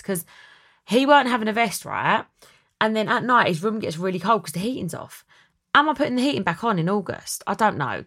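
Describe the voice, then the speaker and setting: A young woman hosting a podcast, chatty and dramatic in a casual chat. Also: fairly bright tone. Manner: chatty and dramatic, quick swings in pitch. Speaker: podcast host.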